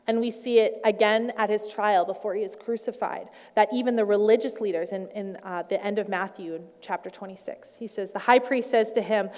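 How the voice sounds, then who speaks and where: A woman's voice: medium pitch, fairly quick, a little mellow, long reverb tail. A woman preaching a sermon in a conversational way, with playful asides.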